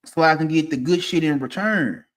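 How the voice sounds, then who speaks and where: A man, ranting casually and profanely, swinging from low mutters to loud, emphatic bursts. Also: normal speed. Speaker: streamer giving opinions.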